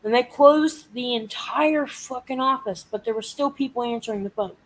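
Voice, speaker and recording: This live stream host has a fairly high voice and speaks at a moderate pace. Hosting a casual chat, she swears and vents while animatedly recounting a frustrating week, captured on a rough recording.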